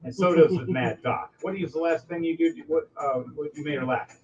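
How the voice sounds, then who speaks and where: Excitable, rambling male game master. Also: fairly high pitch, a little fast, a little hiss or hum. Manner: excitable, rambling narration with many fillers. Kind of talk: narrating a tabletop game. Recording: dull lo-fi sound, faint music.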